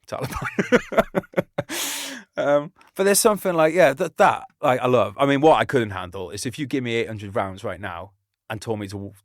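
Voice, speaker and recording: A man's voice: medium pitch, brisk, no room sound, studio quality. A man from Britain, an army veteran hosting a podcast, talking in a casual, sweary and rambling way, laughing often. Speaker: podcast host. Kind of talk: casual chat.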